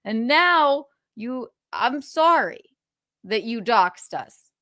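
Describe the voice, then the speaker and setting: A woman's voice: fairly high pitch, very animated, takes it slowly, pushed and bright, no room sound. Sarcastic, profane woman livestream host. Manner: profane, sarcastic, laughing ranting. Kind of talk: ranting livestream chat.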